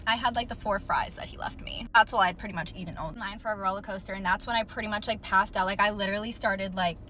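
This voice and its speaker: A woman's voice: mid-range voice, fast talker, sharp tone, a little hiss or hum. A young woman telling a story in a casual, blunt way, swearing freely and using lots of "like" fillers, with sarcastic asides. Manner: exasperated, sarcastic commentary.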